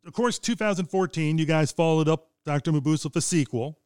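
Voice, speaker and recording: A man's voice: on the high side, a little fast, a little mellow, clean tone, no room sound, clean studio sound. A man interviewing a guest in a chatty, casual way, often restarting his sentences.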